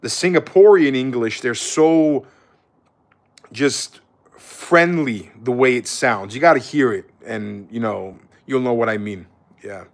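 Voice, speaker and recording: A man's voice: medium pitch, a little slow. A young man talking loosely to his viewers on a live stream. He is laid-back and swears casually, throwing "bro" into nearly every thought.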